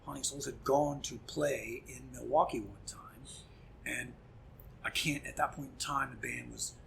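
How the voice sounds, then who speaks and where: A middle-aged man, a punk musician guest, telling a story in casual chat, animated and profane, acting out quoted dialogue. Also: mid-range voice, unhurried, vocal fry, a little hiss or hum.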